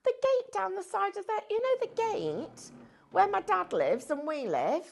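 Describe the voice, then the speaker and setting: A woman's voice: very high voice, measured pace, creaky. A woman, presenting on a shopping channel and telling a funny story in casual chat. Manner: animated, laughs through the story.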